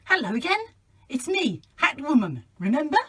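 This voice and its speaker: A woman playing Hat Woman, bubbly and lively. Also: sits high, moderate pace. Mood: playful. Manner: chatty, playful, talks to children. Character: cheerful adult woman hat-collecting storyteller. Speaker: children's club presenter. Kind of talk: children's show role-play.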